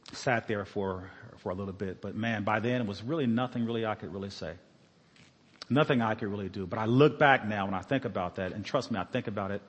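Man, husky voice, earnest halting storytelling, sermon testimony, long church reverb. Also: on the low side. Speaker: former police officer giving a sermon testimony. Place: church sanctuary.

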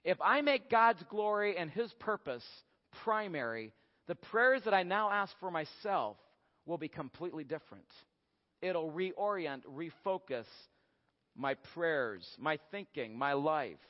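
High-voiced emphatic man preaching in a hall. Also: animated, measured pace. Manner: emphatic, rising to near-shouts and dropping low. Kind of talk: sermon. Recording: muffled sermon audio in a reverberant hall.

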